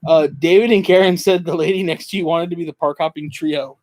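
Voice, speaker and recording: Laid-back young man, higher voice. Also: steady tone, brisk, darkish tone. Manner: laid-back, lots of likes and dudes. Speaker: co-host. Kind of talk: casual chat.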